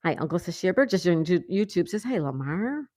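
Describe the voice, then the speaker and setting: A woman's voice: on the low side, big pitch swings, fairly quick, a little mellow, no room sound, studio quality. A woman hosting a casual livestream, reading viewer comments aloud and laughing often. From United States. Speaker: livestream host. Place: home in Florida.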